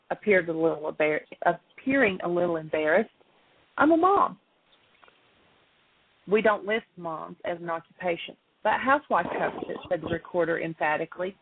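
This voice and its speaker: A woman co-hosting a radio show, reading a story aloud in a steady, matter-of-fact way. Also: on the low side, creaky, husky, dry recording. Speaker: radio co-host. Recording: phone-line radio audio.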